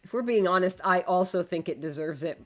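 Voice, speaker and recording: A woman's voice: lowish voice, expressive, brisk, faint music behind. A woman streaming live, chatting casually to her viewers and to the game while she builds, swearing when it frustrates her.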